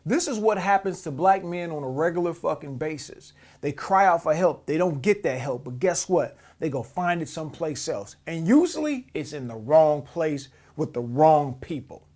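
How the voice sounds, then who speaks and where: A man's voice: a little high, lively intonation, moderate pace, few pauses, a little mellow. A man hosting a podcast, giving heated, profane commentary on a clip and often repeating words as he restarts. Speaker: podcast host. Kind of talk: reacting to a clip, casual commentary.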